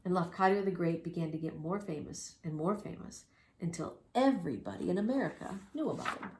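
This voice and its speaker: A woman reading a children's story aloud with lively, expressive storytelling and spoken sound effects. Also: lowish voice, brisk. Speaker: reader. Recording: roomy echo.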